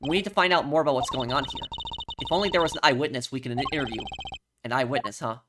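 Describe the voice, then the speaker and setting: A woman's voice: very deep voice, fast talker, music in the background. A woman casually commenting as she plays a game, thinking aloud. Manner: chatty, thinking aloud with fillers. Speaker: gaming channel host. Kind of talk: casual let's-play commentary.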